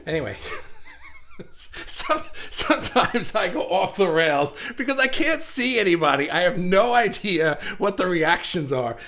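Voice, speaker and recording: Middle-aged male host, casual and rambling, a touch higher-pitched, chats to a live audience. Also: sing-song, unhurried, sharp tone. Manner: chatty and rambling, laughs at himself, many fillers. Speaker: live stream host reading viewer comments. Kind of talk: casual live-stream talk.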